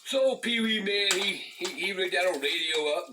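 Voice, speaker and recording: A man's voice: high voice, normal speed, background noise. An older man, telling a long profane story to camera, stumbling over repeated words and cursing constantly. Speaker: storyteller, channel host.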